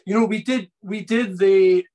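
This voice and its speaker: A man's voice: sits high, steady tone, a little slow, mellow. A man interviewing a director over a video call, eager and free-associating, laughing often between questions. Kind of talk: conversational interview. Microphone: online video call.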